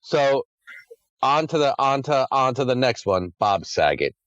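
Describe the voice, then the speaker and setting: A man's voice: mid-range voice, sing-song, unhurried, fairly bright tone, dry recording, dull audio. A man hosting a podcast in a casual chat, rambling and swearing freely. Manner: crude, profane, rambling. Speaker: podcast host.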